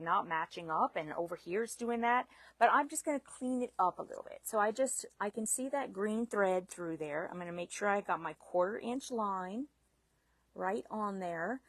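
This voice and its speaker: A woman teaching a live sewing demonstration, chatty and self-deprecating, laughing at her own mistakes. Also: medium pitch. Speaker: sewing instructor.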